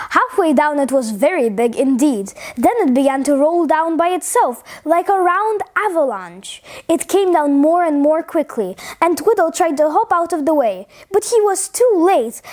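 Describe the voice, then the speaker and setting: A woman reading a funny children's story aloud in an expressive, playful way. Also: high-pitched.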